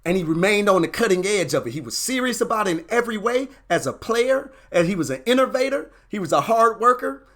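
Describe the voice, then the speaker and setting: A man's voice: high voice, expressive, fairly quick, few pauses, a bit bright. A man hosting an impassioned motivational talk, preaching with repeated emphasis and getting fired up as he goes. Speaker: host.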